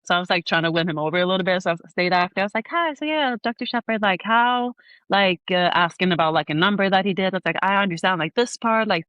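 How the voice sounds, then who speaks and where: A dry recording captures a young Swedish woman whose voice sits on the low side. Calling in remotely as a podcast guest, she tells animated stories in her Swedish accent, filling her speech with "like" and laughing often.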